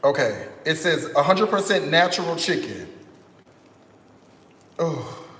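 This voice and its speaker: Male live-stream cooking host, slightly high voice, theatrical and chatty with viewers, long hall-like echo. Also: very animated, takes it slowly, a bit bright. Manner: theatrical, talks straight to viewers; dramatic exclamations and groans. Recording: roomy echo with faint noise.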